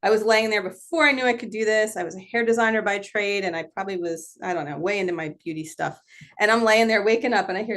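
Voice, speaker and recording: A woman's voice: medium pitch, quick pace. A woman medium hosting a live online session, talking casually and laughing often, heard over a video call. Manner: chatty, animated, laughs often. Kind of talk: casual live-stream talk.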